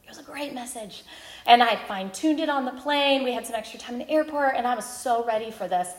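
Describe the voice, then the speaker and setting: A woman in her thirties, a speaker at a women's ministry gathering, giving a candid, self-deprecating personal testimony with lively storytelling. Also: a little high, fast, roomy sound.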